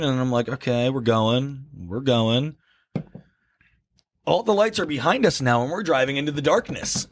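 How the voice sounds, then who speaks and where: A man's voice: medium pitch, no room sound. A man casually telling a wild story on a podcast, swearing a lot and acting out the other people's voices. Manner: profane, animated storyteller who acts out voices. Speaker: podcast co-host. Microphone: studio mic.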